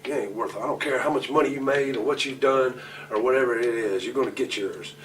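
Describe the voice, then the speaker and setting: A blunt, profane pro wrestler, a guest on a shoot interview, tells stories at a fast clip in a medium-pitched, fairly bright voice. He is recorded from a distant mic amid noisy room ambience.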